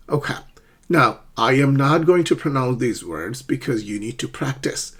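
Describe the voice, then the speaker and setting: A man teaching an English pronunciation lesson, speaking slowly and deliberately and exaggerating the stressed syllables. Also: medium pitch, animated, fairly bright tone, breathy edge.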